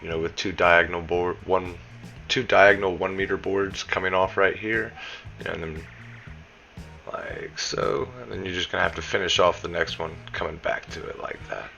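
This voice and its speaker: A man's voice: low-pitched, steady tone, moderate pace, vocal fry, pushed and bright, highs cut off, faint music behind. A man with a Southern US accent giving a casual, chatty voice-over for a game building tutorial, dropping plenty of "you know" asides. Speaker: game building guide creator.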